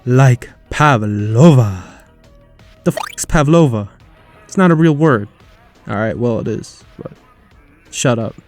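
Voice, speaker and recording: A man's voice: mid-range voice, animated, takes it slowly, long pauses, darkish tone, soft background music. A man hosting a comedy video, delivering a profane, over-the-top rant of mock outrage. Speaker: comedy YouTuber host.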